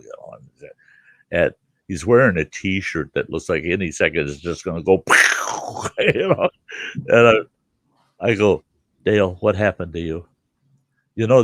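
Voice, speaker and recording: A deep-voiced older man with a gravelly, creaky edge spins a folksy tale, chuckling as he goes. He acts out the other people in the story while he talks. The sound is dry and close, with no room echo. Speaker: storyteller host. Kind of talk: casual spoken storytelling.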